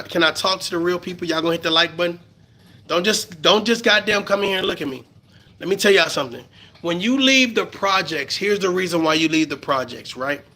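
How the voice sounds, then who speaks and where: A middle-aged man from the Bronx with a New York accent, ranting profanely on a live stream and swinging between low mutters and loud outbursts.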